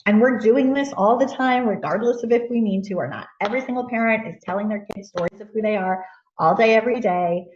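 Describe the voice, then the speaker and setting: A woman's voice: medium pitch, fairly quick, darkish tone. A woman giving a casual teaching talk to parents, speaking conversationally with loose fillers. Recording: echoey room, distant mic, dull lo-fi.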